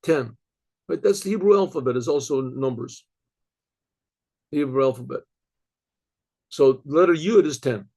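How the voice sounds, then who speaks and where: An older man, a rabbi, giving an informal Torah lecture. He wanders off on tangents, repeats phrases for emphasis, keeps saying "okay, so" and often clears his throat. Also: mid-range voice, normal speed, pauses often, a little mellow. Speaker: rabbi teaching a class.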